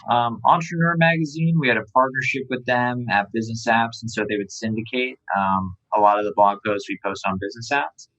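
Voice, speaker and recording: A startup founder talking casually in an interview, relaxed and rambling, with many fillers. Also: male voice, medium pitch, fairly quick, hardly any pauses, highs cut off. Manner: relaxed, filler-heavy, lots of "um" and "like".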